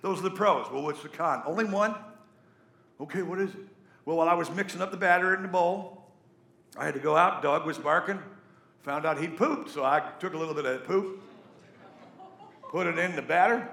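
A man's voice: on the high side, moderate pace, creaky, long pauses, reverberant. A middle-aged man preaching a sermon, telling stories with jokey asides. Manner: storytelling, animated, jokey asides. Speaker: pastor.

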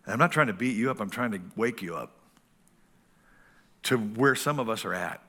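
A man's voice: fairly low pitch, animated, moderate pace, pauses often, fairly bright tone. A man in his sixties preaching a sermon as pastor, folksy and full of stories.

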